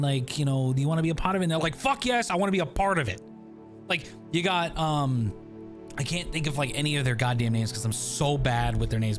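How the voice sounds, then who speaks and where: A man streaming a game, chatting casually and rambling off on tangents with plenty of swearing. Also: mid-range voice. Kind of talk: casual gaming commentary.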